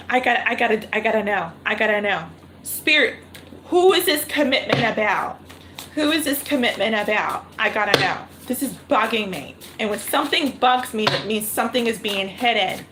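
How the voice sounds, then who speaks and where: High-voiced woman doing a tarot livestream. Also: animated, normal speed, noisy background. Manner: thinks aloud, repeats phrases, asks spirit questions. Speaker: tarot reader. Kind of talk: live-streamed tarot reading.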